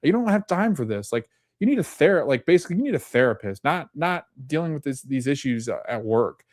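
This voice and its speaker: A man's voice: medium pitch, sing-song, brisk, dry recording, pitched above the performer's own voice, close to an everyday voice. Man playing a blunt senior doctor, scolding, impatient, close dry sound. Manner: curt, scolding.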